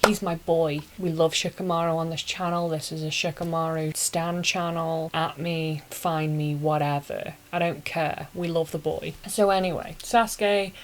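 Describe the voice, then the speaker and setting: A woman's voice: deep voice, steady tone, normal speed, hardly any pauses, poor audio. A young woman hosting a casual anime recap, talking in a chatty, slangy, opinionated way.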